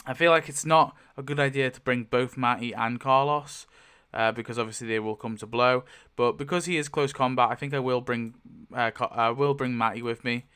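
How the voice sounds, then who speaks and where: Man, casual solo tabletop game narrator, thinks aloud, lots of ums and restarts, bright crisp voice. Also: medium pitch, fairly even intonation, fairly quick, few pauses. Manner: thinking aloud, frequent fillers and self-corrections.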